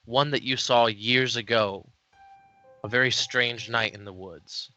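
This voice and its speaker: Casting: unhurried male game master, bright tone, halting narration. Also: mid-range voice, fairly even intonation, dull audio, faint music behind. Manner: slow, hesitant narration with many fillers.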